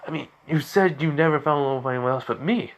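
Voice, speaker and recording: A man's voice: on the high side, quick pace, natural voice. A man voicing an arrogant, controlling teenage boy who sneers and taunts, as he retells a fan story. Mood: sneering.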